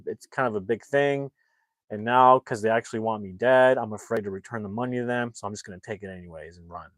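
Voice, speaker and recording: A nervous man on the run, as a male storyteller puts him on, explains himself in a loose, rambling way. His voice sits at an ordinary middle pitch. The recording is dry and close. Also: no echo, lightly acted.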